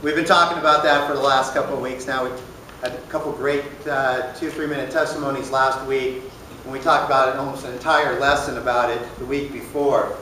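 A man's voice: medium pitch, steady tone, brisk, sharp tone, a little hiss or hum. A man casually teaching a church recovery group, plain-spoken, often asking the room questions. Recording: echoey room, voice from far off.

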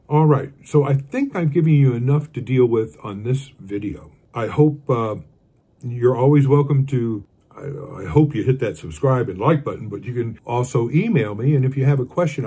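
A man's voice: medium pitch, warm tone, slightly rough. An older man giving a casual guitar lesson, rambling and counting beats aloud as he plays. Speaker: guitar teacher.

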